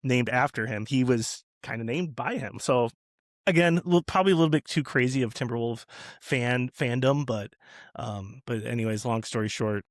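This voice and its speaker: A man's voice: mid-range voice, normal speed, dry recording, clean studio sound. A man telling a long personal story in a casual podcast chat, rambling with many fillers and restarts and laughing often. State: new father. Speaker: podcast guest.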